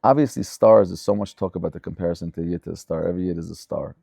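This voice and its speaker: A man's voice: low voice, fast, gravelly, mellow, no room sound, studio quality. A man giving a Torah lecture as a rabbi, speaking fervently and emphatically and repeating phrases for stress.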